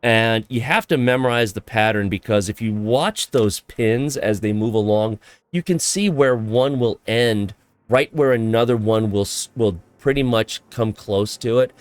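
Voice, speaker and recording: A male streamer hosting a casual charity livestream chat, excitable, laughing often and tripping over his words. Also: fairly low pitch, unhurried, dry recording. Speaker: streamer host.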